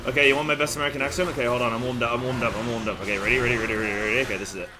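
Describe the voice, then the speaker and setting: A man chatting casually on a live stream while gaming, quiet and distracted, repeating himself. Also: mid-range voice, steady tone, very fast, background noise. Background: game music.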